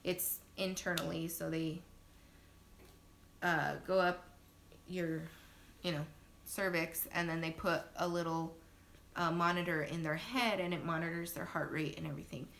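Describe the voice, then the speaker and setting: Bright-voiced chatty young mother. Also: unhurried, gravelly, long pauses. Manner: chatty and animated, acts out quotes with sudden loud high bursts; laughs often, many fillers. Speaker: new mother telling her birth story. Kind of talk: casual live-stream storytelling. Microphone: phone. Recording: phone live-stream audio.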